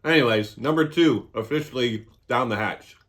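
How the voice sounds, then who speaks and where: Man, vlog host, casual and joking, mid-pitched voice, chatty review. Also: moderate pace, very noisy. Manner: joking, irreverent. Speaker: cannabis reviewer.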